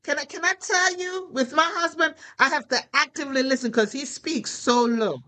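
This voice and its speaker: A woman preaches with lively exhortation, speaking high in her range with a bright, ringing tone. She keeps turning to her listeners with rhetorical questions. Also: moderate pace, poor audio. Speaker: minister. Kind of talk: preaching to a prayer call.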